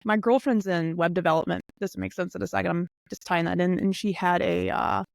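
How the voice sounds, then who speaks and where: A woman's voice: lowish voice, fairly even intonation, brisk, gravelly, dry recording. A woman guest on a podcast, chatting casually and laughing often. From eastern United States. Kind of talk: casual chat.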